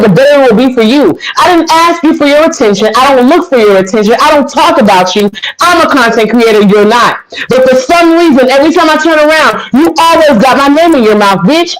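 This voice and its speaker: A woman's voice: high-pitched, rough recording. A woman ranting on a live stream, cursing, combative and repeating her insults. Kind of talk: heated rant.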